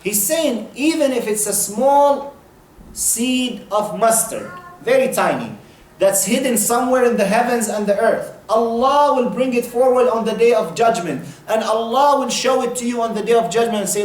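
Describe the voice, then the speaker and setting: A man's voice: very high voice, expressive, normal speed, echoey room, low-quality recording. A man giving an earnest sermon of advice, repeating key points and acting out brief exchanges. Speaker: preacher.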